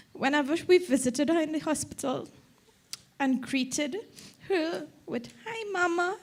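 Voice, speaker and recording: Middle-aged Trinidadian woman delivering her mother's eulogy, fairly high voice, unhurried, choked-up reading. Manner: slow, earnest reading that breaks into tears at times. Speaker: daughter giving a eulogy. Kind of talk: funeral eulogy read aloud.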